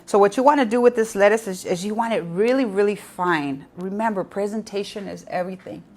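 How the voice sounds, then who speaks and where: Against a noisy background, a middle-aged woman with a mid-range voice hosts a relaxed live cooking class in her home kitchen. She's warm and chatty, laughing through stories and throwing asides to her viewers.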